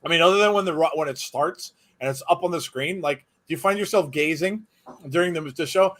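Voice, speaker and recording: A man's voice: fairly high pitch, a little fast, a bit bright. A man hosting a live wrestling watch-along in casual commentary, chatty and jokey, reading viewer comments aloud.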